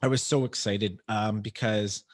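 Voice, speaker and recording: A man's voice: fairly low pitch, steady tone, a little slow. Chatty male podcast host, rambling. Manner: chatty, rambling with frequent restarts. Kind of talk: casual interview chat.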